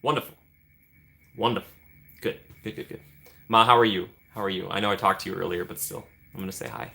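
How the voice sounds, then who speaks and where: A man's voice: fairly low pitch, quick pace, vocal fry, bright, forceful tone. A young man with a Midwestern American accent hosting a livestream, chatting playfully with viewers and greeting them by name. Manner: playful, chatty, reads and answers chat. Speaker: livestream host. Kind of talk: casual chat with live viewers.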